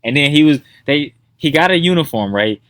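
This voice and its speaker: A man's voice: fairly high pitch, fairly quick, no echo. A man co-hosting a podcast in casual chat, telling funny stories and acting out the people in them, swearing freely. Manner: animated storyteller, acts out quotes, swears freely. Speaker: podcast co-host.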